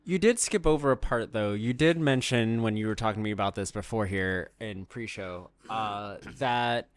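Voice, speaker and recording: A man's voice: lowish voice, moderate pace, clean tone. A man co-hosting a podcast, chiming in with teasing remarks and laughter. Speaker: podcast host. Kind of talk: casual podcast chat.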